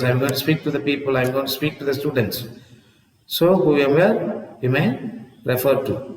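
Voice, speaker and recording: A man's voice: mid-range voice, echoey room, in a large hall, recorded from a distance, poor audio. A man teaching an English lesson, repeating words aloud and checking in with "see?" as he explains. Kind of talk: classroom lesson on word stress.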